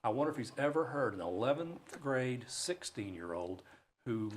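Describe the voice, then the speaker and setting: A man from Alabama, a broadcaster guest, telling lively, self-mocking stories in a studio interview. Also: mid-range voice, normal speed, slight background noise. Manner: animated, self-mocking storyteller. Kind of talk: storytelling in a talk show interview. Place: radio studio.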